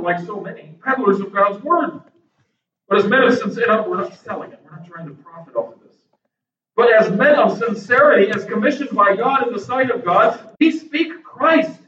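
High-voiced preacher in an echoey church. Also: male voice, a little hiss or hum. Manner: animated preaching, acts out reactions. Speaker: pastor. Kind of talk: sermon. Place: church sanctuary. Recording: echoey, distant, dull church recording.

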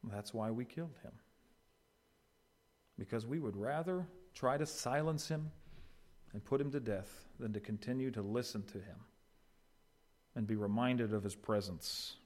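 A man preaching an expository sermon as pastor, swinging between quiet, low passages and loud, raised ones. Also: unhurried, pauses often. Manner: swings from quiet to loud, acting out quoted voices.

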